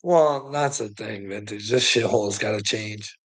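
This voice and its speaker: A man's voice: lowish voice, moderate pace, fairly bright tone. A weary man ranting in a profane monologue to the camera, swearing constantly and stammering through restarts. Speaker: vlogger.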